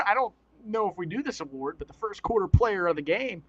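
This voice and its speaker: A man doing casual, excitable play-by-play commentary on a live stream, chatty and quick to laugh. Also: high-pitched, breathy edge, dry recording, dull audio.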